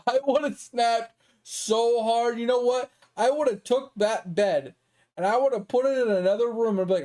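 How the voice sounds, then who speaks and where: Young male streamer, high-pitched, profane and worked up while he games. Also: moderate pace, mellow. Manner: profane, heated, exasperated. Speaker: gaming streamer. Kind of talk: casual ranting commentary.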